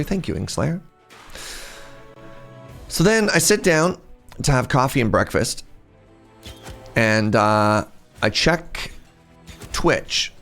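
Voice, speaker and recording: A man's voice: on the low side, vocal fry, fairly bright tone. A man chatting casually while livestreaming a game, rambling and interrupting himself. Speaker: game streamer.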